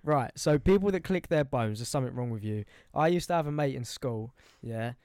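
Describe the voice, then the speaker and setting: A man's voice: mid-range voice, expressive, fairly quick, darkish tone, clear, resonant tone, no echo, studio quality. A young man, bantering bluntly and swearing freely as a podcast co-host. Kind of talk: casual chat.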